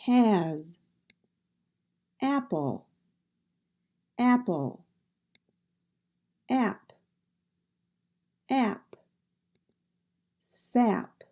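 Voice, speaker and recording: A woman's voice: medium pitch, mellow. A woman teaching English pronunciation, modeling sounds carefully and repeating drill words. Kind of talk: slow instructional pronunciation lesson.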